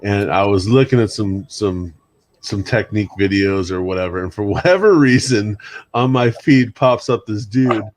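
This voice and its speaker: A man in his forties telling animated stories in casual chat, often mimicking others and laughing. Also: fairly low pitch, normal speed, no echo.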